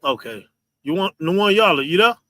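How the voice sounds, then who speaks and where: A man's voice: high voice, very animated, fairly quick, a bit bright, no echo, poor audio. A man leading a group discussion as its teacher, lecturing bluntly with profanity and often asking "you understand?". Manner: blunt, profane and scolding, laughs between points. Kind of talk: preachy lecture to an online audience.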